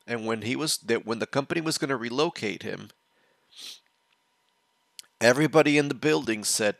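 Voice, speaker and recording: A man's voice: medium pitch, moderate pace, creaky, pauses often, a bit bright, no echo. A man hosting a reaction show, telling a long story in a casual, rambling way and restarting his phrases as he explains. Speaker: watch-along reaction host.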